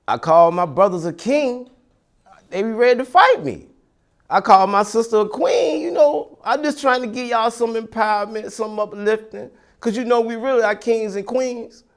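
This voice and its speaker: High-voiced male host; casual, rambling address to viewers. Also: moderate pace. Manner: loose, rambling, frequent "you know".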